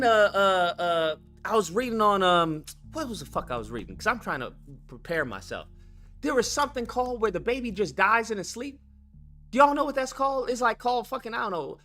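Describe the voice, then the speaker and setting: Young male streamer host, lively swooping delivery, bright tone, profane and excitable, faint music behind. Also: sits high. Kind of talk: casual chat to viewers.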